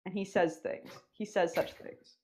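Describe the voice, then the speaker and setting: A woman's voice: on the low side, measured pace, a little hiss or hum. A woman hosting a podcast interview, chatting casually, teasing and swearing. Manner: animated, profane, teasing. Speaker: podcast host.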